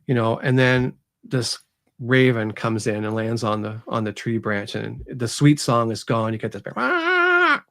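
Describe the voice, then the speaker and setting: A man, an author who is a guest on an interview show, retells his story in an easy, conversational way. He tells it with animated energy and slips into voices for the characters as he goes. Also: on the low side, normal speed.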